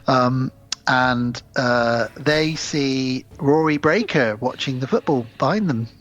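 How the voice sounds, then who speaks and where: A man's voice: medium pitch, slow pace, fairly bright tone, dull audio. A man co-hosting a podcast, retelling film scenes at length in casual chat. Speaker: podcast co-host.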